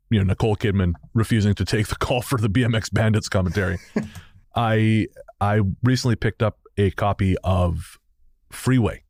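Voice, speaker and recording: Low-voiced Canadian man, dry close sound. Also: darkish tone, no room sound. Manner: laughs often, rambling with restarts. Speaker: podcast co-host. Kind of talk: casual chat.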